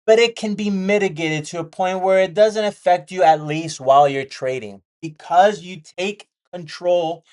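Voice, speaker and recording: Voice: medium pitch, moderate pace, few pauses, a little mellow. A day trading vlogger talking candidly and casually, repeating key points and making jokey asides while sketching a chart.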